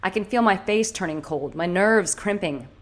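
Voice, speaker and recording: A woman's voice: mid-range voice, normal speed. A woman author narrating her own audiobook in first person, tense and intimate, with anxious bursts. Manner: tense, intimate storytelling with sudden anxious outbursts.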